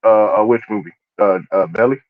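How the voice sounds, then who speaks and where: Man, lowish voice, tinny phone-like sound, hesitant, lots of ums. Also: brisk. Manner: hesitant, many fillers. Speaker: podcast co-host. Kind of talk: casual chat. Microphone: online call, muted at times.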